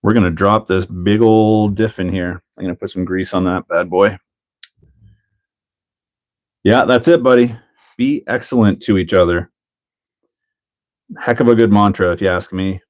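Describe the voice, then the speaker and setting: Laid-back Canadian man, low voice. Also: normal speed, pauses often. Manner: laid-back, jokey, laughs often, reads chat aloud. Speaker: livestream host. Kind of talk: casual livestream chat while building a kit.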